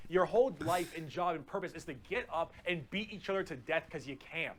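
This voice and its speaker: This is a man with a somewhat high voice, explaining something in a casual, goofy way. He gets carried away with enthusiasm and swears without thinking about it. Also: fairly quick, slight background noise. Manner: excitable, swears freely, jokey. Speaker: explainer of a video being reacted to. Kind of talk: casual lore explainer commentary.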